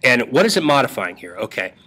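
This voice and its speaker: A man's voice: medium pitch, big pitch swings, fast talker, sharp tone. A male English teacher giving a casual, joking lesson to students over a screen recording. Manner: playful and jokey, talking to students.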